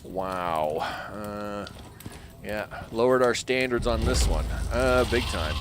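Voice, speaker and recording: A man's voice: on the low side, lively intonation, takes it slowly. A man casually commenting on his live gameplay, chatting to the animals in the game and grumbling at his bad luck. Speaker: game streamer. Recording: noisy game sound behind voice. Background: game ambience and vehicle sounds.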